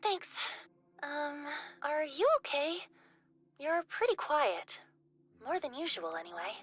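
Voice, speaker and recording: A woman's voice: sits high, very animated, slow pace, dull audio, pitched above the performer's own voice, exaggerated voice. A woman voicing a cheerful, chatty young woman who runs a corpse business. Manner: bright, chatty, upbeat.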